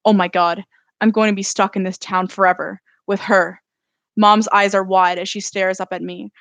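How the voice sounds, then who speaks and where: A woman author reading her own novel aloud in a steady first-person narration during a live stream. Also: mid-range voice, moderate pace, gravelly, no room sound.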